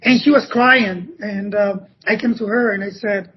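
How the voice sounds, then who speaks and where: A Spanish-speaking man from Cuba with a Cuban Spanish accent, a podcast guest telling stories in a halting way that often restarts phrases. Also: sits high, fairly even intonation, slight background noise. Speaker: podcast guest, former ballet dancer. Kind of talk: conversational interview storytelling. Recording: dull lo-fi podcast audio.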